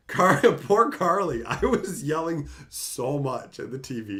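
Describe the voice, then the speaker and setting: A man's voice: medium pitch, expressive, measured pace, hardly any pauses, a bit bright. A man casually ranting on a livestream, reading chat aloud, laughing and swearing as he gets worked up.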